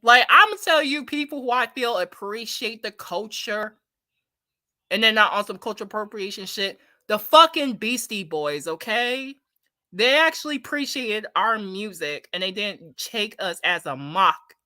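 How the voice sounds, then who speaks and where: A woman speaks with a bright, crisp tone. She rants bluntly and heatedly in casual commentary, swearing often and repeating her points. The sound is dry and close to the mic. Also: mid-range voice, lively intonation, a little slow, dry recording. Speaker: commentary streamer. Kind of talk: casual opinion rant reading chat.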